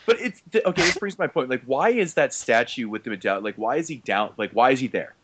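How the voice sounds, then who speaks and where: A man co-hosting a podcast in casual chat, animated and laughing easily. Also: mid-range voice, fast, husky, no echo. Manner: animated, laughing, does voices. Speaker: podcast co-host.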